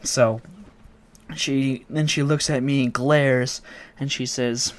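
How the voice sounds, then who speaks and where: A man's voice: mid-range voice, fairly even intonation, slow pace. A man from Oregon telling a story to his viewers in a rambling way, often correcting himself. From Oregon, United States. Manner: rambling, self-correcting, amused. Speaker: vlogger. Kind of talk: casual storytelling to camera.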